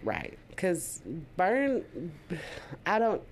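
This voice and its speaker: A woman's voice: medium pitch, very animated, extremely slow, slight background noise. A woman, co-hosting a casual podcast chat and laughing often. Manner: laughs often, drawls "y'all". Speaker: podcast co-host.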